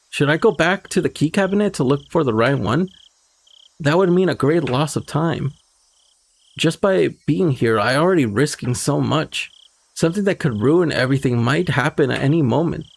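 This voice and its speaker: A streamer reads a visual novel aloud in a gravelly, mid-pitched male voice. He narrates the text line by line and stops now and then to check his stream settings.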